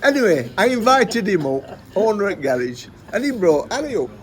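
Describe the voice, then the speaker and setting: A man's voice: sits high, very animated, normal speed. A man telling a rambling anecdote, swearing constantly and repeating himself. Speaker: storyteller.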